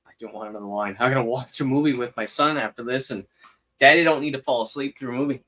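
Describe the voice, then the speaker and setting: A man's voice: mid-range voice, quick pace, sharp tone. A man co-hosting a casual gaming stream chat, laid-back and joking. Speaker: co-host.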